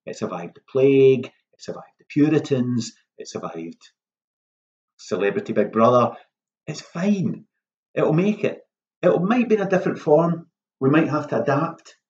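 Here a male playwright with a mid-range voice talks at a moderate pace over dull-sounding audio. Lively and self-mocking, he gives offhand writing advice to a workshop, performing certain lines in a hushed tone.

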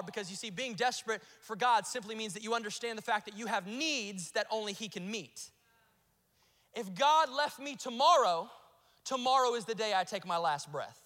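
A pastor from South Carolina with a Southern accent, preaching a sermon with emphatic repetition and rising peaks. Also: male voice, high voice, fairly bright tone. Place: large church auditorium. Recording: live sermon with long hall reverb.

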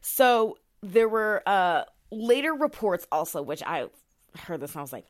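A woman's voice: medium pitch, sing-song, unhurried, no echo, studio quality. A young woman co-hosting a podcast, telling a story in a casual, swearing, filler-heavy way and reading quotes aloud. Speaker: podcast co-host.

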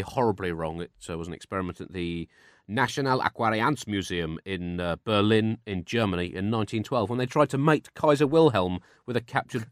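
A man's voice: on the low side, no echo, studio quality. A man co-hosting a satirical comedy chat, with a mock-pompous, newsreader-style delivery. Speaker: comedy podcast co-host.

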